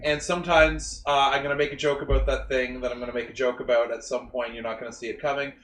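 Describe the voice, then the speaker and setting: A man's voice: medium pitch, steady tone, fast talker, fairly bright tone. A man co-hosting a podcast in a casual chat, rambling and joking as he talks. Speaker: podcast co-host. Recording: roomy echo, faint background noise.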